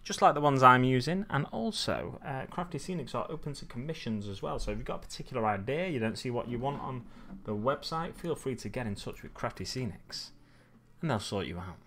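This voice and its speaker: A man's voice: mid-range voice, animated, brisk, fairly bright tone, slight background noise. A man chatting casually to his viewers as he places tufts on a model base, often muttering to himself. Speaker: hobby streamer. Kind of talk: casual chat while crafting.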